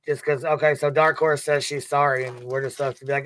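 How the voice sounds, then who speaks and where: Flat-voiced cursing man ranting. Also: medium pitch, fast talker, few pauses. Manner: blunt, profane, ranting. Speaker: panel guest. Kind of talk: heated casual commentary.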